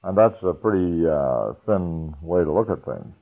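A man preaching a folksy, unhurried sermon, chuckling now and then. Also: low voice, animated, gravelly. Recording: tinny phone-like radio broadcast.

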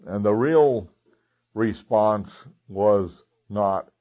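Low-voiced man preaching, lo-fi recording. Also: slow. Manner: conversational, with chuckles and filler words. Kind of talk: sermon. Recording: dull lo-fi recording.

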